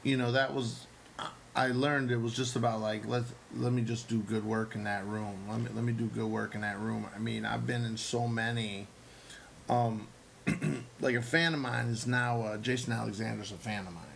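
Gravelly man telling a rambling story. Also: mid-range voice, moderate pace, slight background noise, rough recording. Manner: animated storyteller, acts out quotes, swears freely. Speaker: actor and comedian. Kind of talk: casual storytelling chat.

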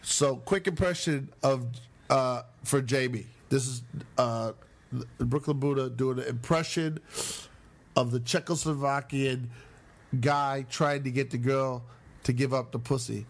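A man hosting a crude comedic chat, laughing often and retelling stories in lively voices. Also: medium pitch, a little slow. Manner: laughs a lot, retells bits with animated voices.

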